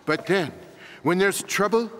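A man's voice: high-pitched, measured pace, fairly bright tone, a little hiss or hum. A man voicing a lazy, sarcastic adult male house cat in a cartoon, with a dry, self-satisfied manner. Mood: smug. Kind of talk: cartoon voice acting. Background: cartoon background music.

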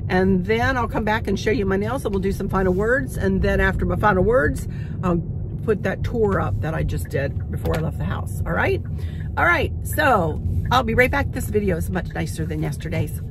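A woman in her sixties hosting a casual vlog, chatting candidly and emotionally from the driver's seat of a car. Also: medium pitch. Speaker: craft and decor channel host. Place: inside a car. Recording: noisy car interior.

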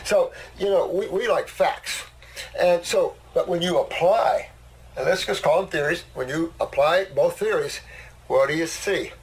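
A man's voice: a little high, unhurried, low-quality recording. An older man hosting a casual talk, a blunt and boastful storyteller. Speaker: host. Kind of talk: casual conversation.

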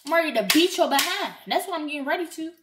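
A young woman vlogger scolding loudly and theatrically in an animated prank rant. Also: high-pitched, fast, background noise. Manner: scolding, loud and theatrical, frequent shouting.

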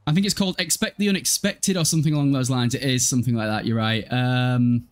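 A game streamer in his twenties talks fast while casually commentating a life-sim game live, chatting, swearing freely, and responding to chat. His voice is medium in pitch, with soft music playing in the background.

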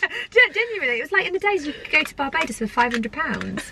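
A woman's voice: high-pitched, very animated, fast talker, vocal fry, background noise. A woman in her thirties chatting casually with a friend, bubbly and self-deprecating. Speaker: guest friend. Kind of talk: casual chat.

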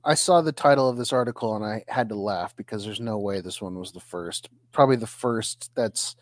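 A man co-hosting a casual podcast, reacting quickly with animated, jokey remarks. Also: lowish voice, no room sound. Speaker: podcast co-host.

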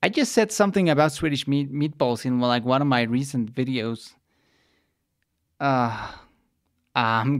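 A young man from Mexico chatting casually as he reacts to a video, excitable and quick to interject. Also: mid-range voice, dry recording, clean studio sound.

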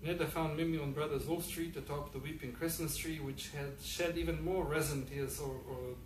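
A man reading his own fiction aloud at a public event, halting with frequent fillers. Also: fairly high pitch, steady tone. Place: event hall. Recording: echoey room, distant mic, faint noise.

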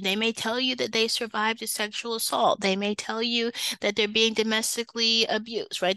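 A woman's voice: a little high, sharp tone, no room sound, low-quality recording. A woman teaching a nursing lecture in a conversational way, often checking in with "okay" and "right" and acting out what nurses and patients say. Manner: acts out patient and nurse lines in quoted voices. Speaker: nursing instructor. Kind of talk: recorded lecture.

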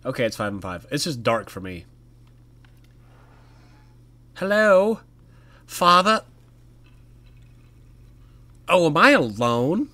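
A man talks through a horror game as he plays, riffing and joking at what he sees. His voice is bright and lively, jumping up and down in pitch. It has the easy sound of a relaxed gaming video. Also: slow, pauses often. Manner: chatty, jokey, talks to the game. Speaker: gaming YouTuber. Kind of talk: casual let's-play commentary.

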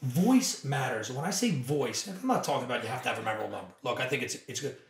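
A man's voice: mid-range voice, lively intonation, fast talker, echoey room, recorded from a distance, a little hiss or hum. A man who is a company co-founder, speaking as a podcast guest with an emphatic, persuasive manner. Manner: emphatic, persuasive, acts out quoted dialogue. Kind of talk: energetic conversational interview.

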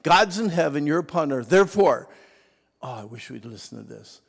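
A man with a slightly high, gravelly voice preaches to a mixed crowd of adults, teens and kids. He drops to whispers and then shouts, and has the audience say words back to him. His voice rings with the long echo of a church hall. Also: expressive, normal speed. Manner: dramatic swings from whispers to shouting; asks the audience to repeat words. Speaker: Sunday school speaker.

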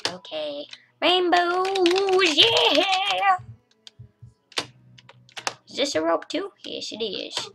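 A woman's voice: very high-pitched, very slow, vocal fry, long pauses, heavy background noise. A woman giving playful, casual commentary on a game as she plays, reading level titles aloud and joking along the way. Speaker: gaming channel host.

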